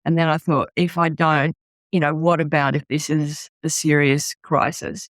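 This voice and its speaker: A middle-aged Australian woman who runs a charity speaks at a moderate pace with a low voice and flat delivery, recorded dry. In this candid interview she tells her story earnestly and bluntly, repeatedly restarting sentences.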